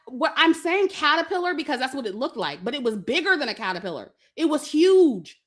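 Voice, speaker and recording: A woman's voice: high-pitched, sing-song, brisk, fairly bright tone. A young woman telling a story to her viewers in casual, profane chat, laughing often and acting out her family's lines. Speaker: vlogger.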